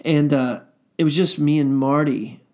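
A man's voice: fairly high pitch, a little slow, a little mellow. A middle-aged man and musician telling rambling stories in a casual way, full of fillers and swearing. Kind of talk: casual storytelling.

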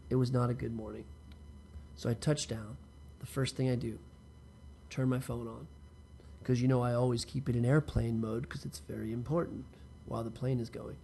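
Speaking straight to whoever's listening, this man rambles through a profane personal tale, slipping off into tangents. His voice is gravelly and fry-tinged, middle in pitch and darkish in tone, and a low ambient hum lingers in the background.

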